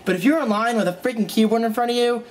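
A man's voice: very high-pitched, quick pace. A young man chatting casually in a home vlog, joking around and talking to his dogs as he moves from room to room. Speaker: vlogger. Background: music playing from his phone.

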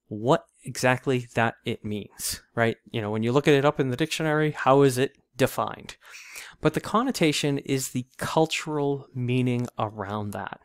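A man's voice: mid-range voice, smooth, no echo, clean studio sound. A man who teaches literature, giving a casual, conversational video lecture and often checking in with "right?". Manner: casual, conversational, frequent "right?" tag questions. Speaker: literature instructor.

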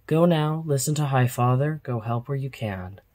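A caring, plump brother of a monastic order who guards a young novice, voiced by a storyteller. He speaks firmly and a little quickly when defending the boy, gentler when comforting. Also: medium pitch, lightly acted. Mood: protective. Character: kindly plump male monk, protective.

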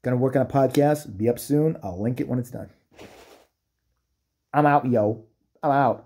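A man ranting in a profane, mocking vlog commentary, sometimes slipping into quick impressions. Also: medium pitch, warm tone, slightly rough. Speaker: vlogger.

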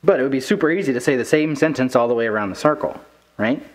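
A man's voice: medium pitch, fast. A man at a church giving a casual teaching talk to kids, chatty and often checking in with "right?". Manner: conversational, asks "right?" often, acts out quotes. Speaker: children's ministry teacher.

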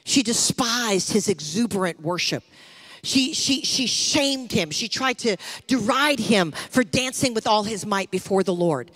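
A woman's voice: mid-range voice, lively intonation, a little slow, fairly bright tone. A middle-aged woman pastor preaching a sermon with rising fervor to her church. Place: church sanctuary.

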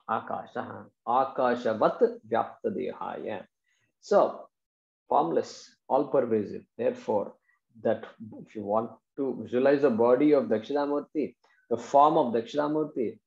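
Gravelly, mellow male teacher. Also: mid-range voice. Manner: patient, explanatory, checks in with students. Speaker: Vedanta teacher. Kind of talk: explaining Sanskrit verses in class. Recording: dull, roomy classroom recording.

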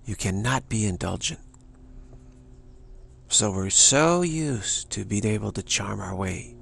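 A man's voice: on the low side, expressive, slow pace, creaky, pauses often, a bit bright, a little hiss or hum. A man giving an emphatic spiritual talk, repeating and restarting phrases as he presses his point. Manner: emphatic, repetitive, many restarts. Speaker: spiritual teacher.

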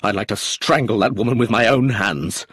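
A husky-voiced man reading an audiobook, voicing an emotional, hot-tempered middle-aged man who breaks into agitated outbursts. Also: on the low side, big pitch swings, moderate pace, no room sound. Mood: angry. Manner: bursts into agitated, rising outbursts.

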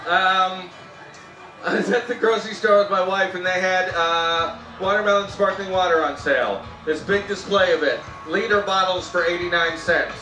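A Canadian man performing a live stand-up set, telling animated stories about his wife and jumping into sudden high-pitched shouts when he mimics her. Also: moderate pace. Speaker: stand-up comedian. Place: outdoor festival comedy tent. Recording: roomy live sound from a distance. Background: audience laughter and faint music.

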